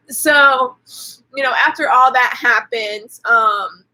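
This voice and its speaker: A woman's voice: fairly high pitch, takes it slowly, sharp tone, rough recording. A woman hosting a casual live movie recap, chatty and profane, with lots of "like" fillers. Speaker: host.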